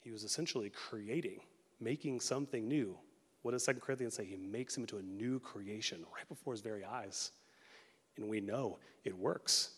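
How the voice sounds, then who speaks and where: A man in his thirties preaching a sermon as pastor, casual and animated, slipping into quick acted quotes. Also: on the low side, husky. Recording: long reverb of a large hall.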